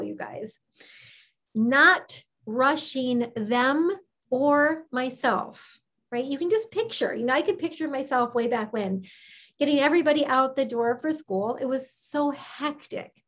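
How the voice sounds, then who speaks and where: A middle-aged woman hosting a live health program on a video call, reading participants' comments aloud with effusive praise. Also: high voice. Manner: effusive and gushing, sends kisses.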